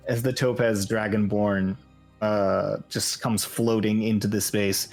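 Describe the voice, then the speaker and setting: A man with a fairly low voice, narrating a tabletop game in a relaxed, descriptive manner with plenty of "like" and "uh". Soft music runs underneath him. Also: unhurried, vocal fry. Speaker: game master.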